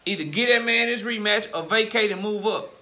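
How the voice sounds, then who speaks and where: A man hosting a boxing commentary channel, ranting bluntly and profanely in casual slang, growing louder and heated as he goes. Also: high voice, a little fast. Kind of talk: casual opinion rant.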